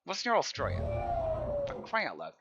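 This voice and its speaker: A man's voice: on the high side, huge pitch swings, moderate pace, creaky, lo-fi sound, very noisy. A man chatting casually on a live game stream as a server admin, rambling, repeating himself and often laughing.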